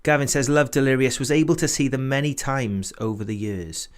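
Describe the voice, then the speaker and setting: A British man at a middle pitch hosting a relaxed livestream launch party over a video call. He chats easily, reads viewer comments aloud and laughs a lot between remarks. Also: fairly quick, clear, resonant tone. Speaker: host. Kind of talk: casual chat on a livestream.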